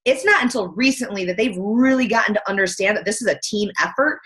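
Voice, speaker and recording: Blunt, fast-talking woman coach. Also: mid-range voice, lively intonation, fairly bright tone. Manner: blunt, fast, filler-heavy talk. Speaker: team coach and guest. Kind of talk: casual interview chat.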